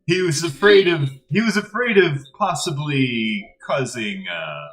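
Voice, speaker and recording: A man's voice: a little high, low-quality recording. A man hosting a gaming stream, chatting casually with a friend and laughing often as he runs a tabletop campaign. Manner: laughs often, drawn-out and lively delivery. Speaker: game master and streamer. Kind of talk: casual chat while gaming.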